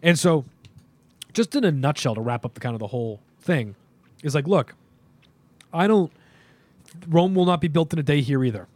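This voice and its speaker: Animated, opinionated young male podcast host. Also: a little high, normal speed, pauses often, dry recording. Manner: animated, opinionated, rambling with fillers. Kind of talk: casual podcast chat.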